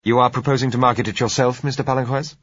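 A man voicing a frank, reflective managing director of a company, speaking in a measured way. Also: medium pitch, steady tone, a bit bright, slightly rough, muffled recording, voice pushed up. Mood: thoughtful. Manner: measured, thoughtful.

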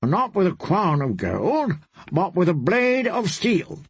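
A man's voice: high-pitched, wildly swooping pitch, takes it slowly, slightly rough, no echo, pitched above the performer's own voice, heavily acted. A man reading an audiobook, voicing an arrogant, mocking young knight with a sardonic drawl.

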